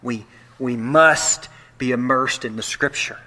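A man preaching a sermon, moving between hushed, quiet lines and loud, animated bursts, with playful asides to the congregation. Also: mid-range voice, unhurried. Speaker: pastor.

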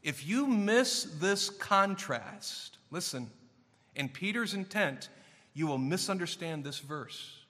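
A male pastor delivering a sermon with a high, bright, ringing voice. He presses his points hard, rising in force and then dropping low. A long church-hall reverb trails behind every phrase. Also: expressive, takes it slowly. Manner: emphatic, building to raised intensity then dropping low.

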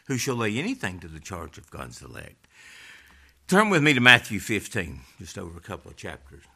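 A man preaching a sermon, reading scripture and rising to loud emphatic peaks before dropping low again. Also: huge pitch swings, brisk, gravelly, husky.

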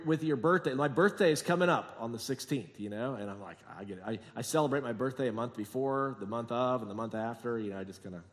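A man preaching a sermon as pastor, telling jokey stories and acting out quotes, moving between quiet asides and emphatic points. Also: medium pitch. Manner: jokey, sarcastic storytelling with acted-out quotes. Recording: long hall reverb.

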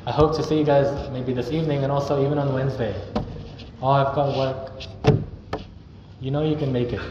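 A young man preaching a sermon in an earnest, conversational way, now and then acting out sample greetings. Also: medium pitch. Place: church hall. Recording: echoey, dull hall recording with noise.

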